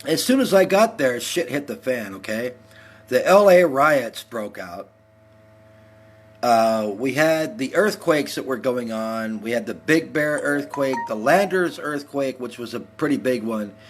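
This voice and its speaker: A man's voice: medium pitch, animated, unhurried. A man in his forties from Texas, hosting a heated, profane rant on his live stream. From El Paso, Texas. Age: 40s. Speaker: livestream host.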